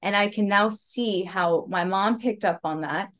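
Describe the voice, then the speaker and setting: A woman in her thirties, a comedian on a podcast, telling stories in an animated way with laughter. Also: mid-range voice, a little slow. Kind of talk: casual chat.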